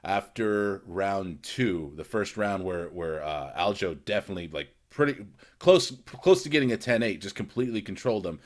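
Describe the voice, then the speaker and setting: A man's voice: low-pitched, lively intonation, moderate pace. A man co-hosting a podcast, rambling in casual chat with many restarts and fillers. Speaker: podcast co-host.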